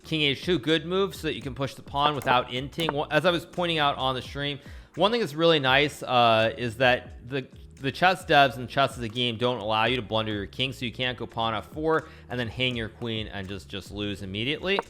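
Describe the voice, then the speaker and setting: A man's voice: medium pitch, a little fast, pushed and bright, faint music behind. A man streaming a casual chess game analysis, rambling and often correcting himself. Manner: rambling, with frequent restarts and self-corrections.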